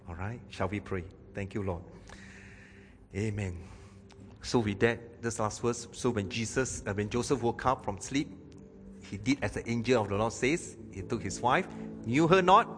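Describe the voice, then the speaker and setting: A man preaching a sermon, swinging between loud emphasis and soft, hushed lines. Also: fairly low pitch, normal speed, slight background noise. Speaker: pastor. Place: church hall. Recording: long hall reverb.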